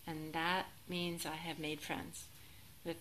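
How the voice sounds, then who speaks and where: A woman teaching as a Zen teacher in a relaxed, reflective dharma talk, gently self-deprecating and sometimes laughing. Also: deep voice, slow pace, rough recording.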